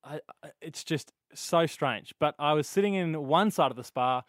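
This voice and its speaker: An Australian man co-hosting a radio show, telling stories in chatty, animated banter. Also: on the high side, normal speed, no room sound, clean studio sound. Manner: animated storyteller, chatty with fillers and laughs. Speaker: radio co-host. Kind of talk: casual banter on breakfast radio.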